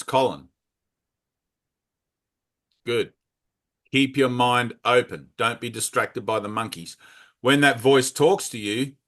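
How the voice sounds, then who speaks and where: Guy leading a spiritual group talk, middle pitch, frank and chatty, swears a bit, keeps saying right?. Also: fairly bright tone. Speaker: spiritual teacher.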